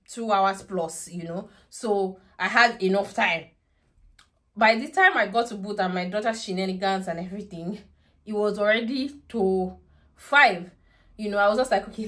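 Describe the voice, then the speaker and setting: In a casual vlog, a young mother tells a dramatic story about her toddler, laughing often and drifting into prayerful asides. Her voice is mid-range with a fairly bright tone.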